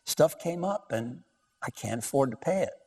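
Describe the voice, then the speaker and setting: A man doing a quiet, reluctant husband. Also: mid-range voice, expressive, normal speed, breathy edge, in a large hall. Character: quiet introverted husband in a story.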